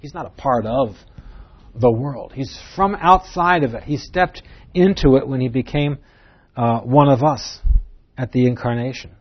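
A man's voice: medium pitch, measured pace, lo-fi sound. A man teaching verse by verse through a Bible passage, earnest and emphatic, posing rhetorical questions to his listeners.

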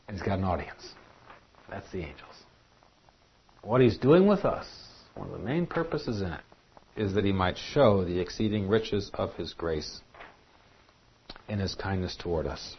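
A man preaching a sermon in an animated, emphatic way. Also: medium pitch, breathy edge. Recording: dull lo-fi recording.

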